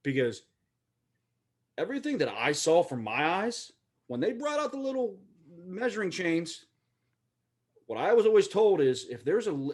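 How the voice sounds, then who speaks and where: A man co-hosting a casual sports podcast, joking and talking in rambling runs with many stammering restarts. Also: on the high side. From Pittsburgh area. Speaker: podcast co-host.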